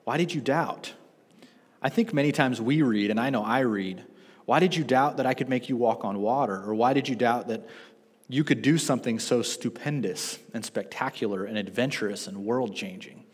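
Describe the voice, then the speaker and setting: A man's voice: mid-range voice, moderate pace, husky. Man preaching, echoing church hall. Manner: animated storytelling with self-deprecating asides. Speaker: pastor. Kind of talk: sermon. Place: church sanctuary. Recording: long reverb of a church hall.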